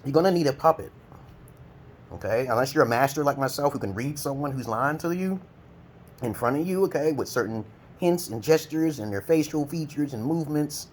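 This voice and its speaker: Male vlogger, profane rambling monologue, loud laughing outbursts, faint noise. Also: lively intonation, fairly quick. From Brooklyn, New York. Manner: loud, laughing rants with sudden high shouts.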